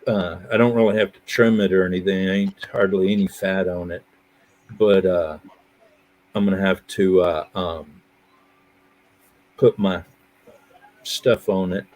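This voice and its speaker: A man in his fifties hosting a live stream. He chats casually and easygoing, and he laughs his way through animated stories. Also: low voice. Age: 50s. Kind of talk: casual chat.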